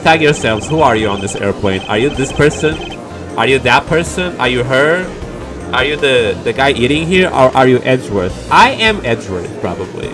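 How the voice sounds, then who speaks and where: A man's voice: mid-range voice, lively intonation, normal speed. A man streaming a game, making campy jokes and giggling as he chats. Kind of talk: casual game commentary. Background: game music.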